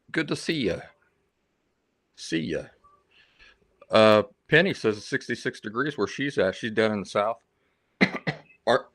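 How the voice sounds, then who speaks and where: A man's voice: fairly low pitch, fairly bright tone, no room sound, clean studio sound. A man hosting a livestream, telling stories in a rambling, chatty way and reading out viewer comments. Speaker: livestream host. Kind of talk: casual livestream chat.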